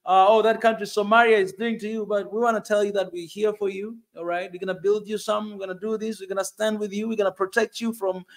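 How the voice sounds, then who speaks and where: A man's voice: sits high, flat delivery, quick pace, hardly any pauses. A man voicing a foreign official who coaxes a leader with reassuring promises. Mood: coaxing. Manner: coaxing, reassuring.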